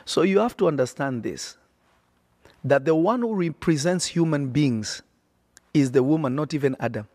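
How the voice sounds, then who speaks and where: A man's voice: a little high, lively intonation, normal speed, darkish tone, no room sound, studio quality. A man preaching on a podcast, emphatic and repetitive, often checking that listeners follow. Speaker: prophet and podcast host.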